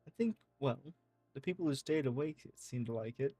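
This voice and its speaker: A man of middle pitch reads out in-game text messages in a loose, casual voice, cursing now and then. The recording is dry and close, with faint music underneath. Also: moderate pace, warm tone, slightly rough, no room sound. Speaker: gaming streamer.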